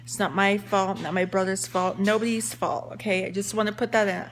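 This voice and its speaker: A woman's voice: medium pitch, steady tone, fairly quick. A young woman telling a casual story-time vlog, chatty with lots of fillers and restarts. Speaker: vlogger.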